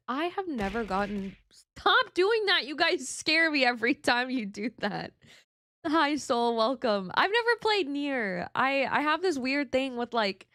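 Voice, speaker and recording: A woman's voice: medium pitch, fairly bright tone, no room sound, clean studio sound. A woman streamer chatting casually with her viewers, candid and emotional, swearing freely and mocking herself. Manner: reads and answers viewer chat. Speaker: VTuber streamer. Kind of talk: casual live-stream chat.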